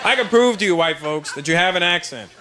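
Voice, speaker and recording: A man's voice: high voice, lively intonation, brisk, pushed and bright. A male stand-up comedian, brash and teasing the crowd, on a noisy live stage recording.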